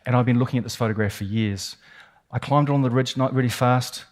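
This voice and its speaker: A man's voice: mid-range voice, brisk. New Zealand man telling a gripping story. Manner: vivid, suspenseful retelling with emphatic repetition. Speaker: keynote speaker. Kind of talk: dramatic personal storytelling talk.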